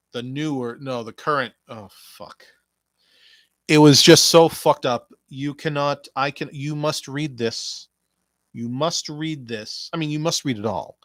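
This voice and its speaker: A man's voice: mid-range voice, dry recording. A man hosting a podcast, ranting sarcastically with profanity and many stumbling restarts. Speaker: podcast host. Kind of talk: rambling profane wrestling commentary.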